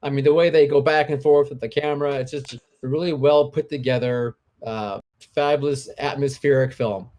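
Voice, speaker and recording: A man's voice: medium pitch, fairly even intonation, normal speed, hardly any pauses, a little mellow. A man co-hosting a casual podcast chat from home, gushing enthusiastically like a devoted fan. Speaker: co-host. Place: home, remote live show during lockdown.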